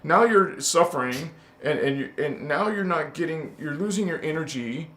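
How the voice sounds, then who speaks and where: A man hosting a spiritual channel, scolding and preaching with sudden loud chanted words and many hesitations. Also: fairly high pitch, expressive, normal speed. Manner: hesitant, many fillers and restarts. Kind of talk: confrontational spiritual monologue. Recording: echoey room.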